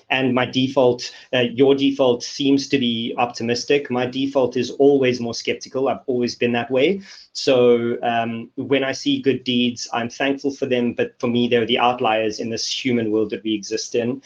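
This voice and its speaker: Male host, candid and blunt, mid-pitched, dull lo-fi webinar sound. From South Africa. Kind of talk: casual webinar interview.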